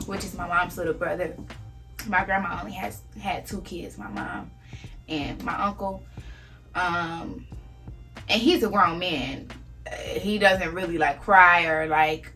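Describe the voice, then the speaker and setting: Young Southern woman, bright candid voice. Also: lowish voice, rough recording. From Savannah, Georgia. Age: 20s. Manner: candid, conversational, drops to soft near-whispers at painful moments. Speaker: vlogger. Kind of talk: emotional personal storytelling.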